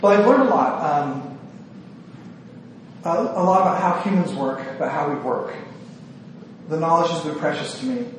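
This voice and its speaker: A man's voice: fairly high pitch, very animated, normal speed, pauses often, slight background noise. A man, a psychiatrist, giving an earnest, self-deprecating talk to a gathering, a little nervous and restarting his sentences. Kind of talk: speech to a women's gathering. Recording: echoey hall, distant mic.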